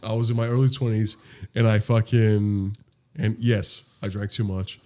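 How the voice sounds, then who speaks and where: He's a young podcast co-host with a lowish voice and a moderate pace. In casual conversation he tells animated stories, swearing a lot and performing the quotes.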